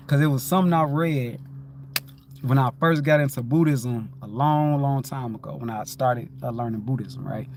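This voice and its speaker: Man, middle-aged, rambling livestream talk, laid-back, average pitch. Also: normal speed, a little mellow, slight background noise. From Detroit, USA. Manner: rambling, keeps repeating "you know what I'm saying"; laid-back, loose and conversational. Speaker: livestream host. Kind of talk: casual spiritual livestream monologue.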